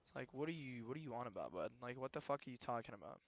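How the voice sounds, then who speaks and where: A young man ranting in a rambling, profane solo monologue, moving between low muttering and heated outbursts. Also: lively intonation, very fast. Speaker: solo podcast host. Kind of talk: rambling late-night monologue.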